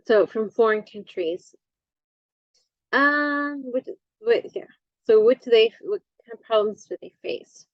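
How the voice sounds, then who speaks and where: A woman instructor giving a recorded lecture, halting often with fillers and correcting herself as she goes. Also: mid-range voice, no echo, dull audio.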